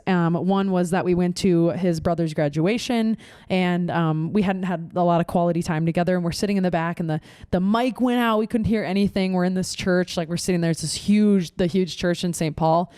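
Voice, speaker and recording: A woman's voice: lowish voice, normal speed, warm tone, clean tone, dry recording. Candid rambling woman podcast host, dry sound. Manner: candid, rambling storyteller with lots of fillers. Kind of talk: casual chat.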